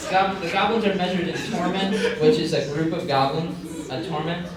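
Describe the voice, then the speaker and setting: Over a crowd in the background, a young man with a high voice runs a comedy panel at a convention at normal speed. His deadpan, conspiratorial patter is chatty and filler-heavy, captured by a far-off room microphone in a very echoey, noisy hall.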